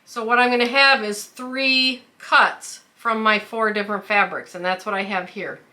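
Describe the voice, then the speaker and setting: In a bright, forceful, mid-range voice, the host of a quilting channel carefully explains every step of her craft tutorial, occasionally using fillers.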